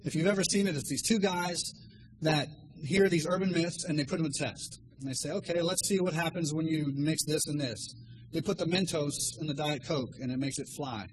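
A man in his thirties preaching a sermon, telling stories with animated energy and acting out voices. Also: a little high, a little fast, breathy edge, low-quality recording. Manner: animated storytelling, acts out voices. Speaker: lay preacher.

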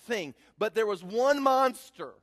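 A man's voice: sits high, lively intonation, a little slow, long reverb tail. A man telling a personal story in a sermon as a preacher, building to emphatic preaching.

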